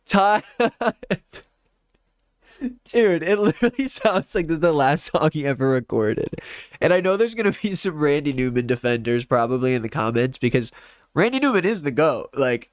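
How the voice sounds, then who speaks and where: A young man hosting a casual album reaction, loud and mocking, laughing often. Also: fairly high pitch, expressive, moderate pace, dry recording, clean studio sound. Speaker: music reaction host.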